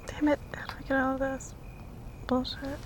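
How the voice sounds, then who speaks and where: A woman's voice: high-pitched, heavy background noise. A woman vlogging casually, swearing a lot and often dropping into whispers. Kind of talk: casual reaction vlog.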